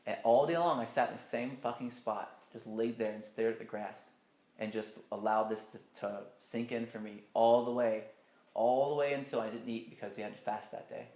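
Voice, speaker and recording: A man's voice: medium pitch, steady tone, moderate pace, dark tone, roomy sound. A man telling a personal story in a casual, rambling and emphatic way, swearing often.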